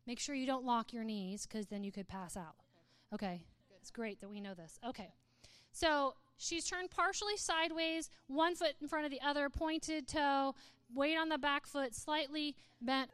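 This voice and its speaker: High, smooth-voiced playful woman speaker. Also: a bit bright, no echo. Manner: playful, laughing, reading aloud with mock drama. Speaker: speaker addressing an audience. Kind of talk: humorous talk to a live audience.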